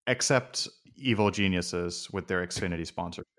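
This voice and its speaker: A man from Denmark talks in a casual stream chat, his voice sitting a little low. He is blunt and opinionated and swears without a second thought. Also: normal speed, fairly bright tone.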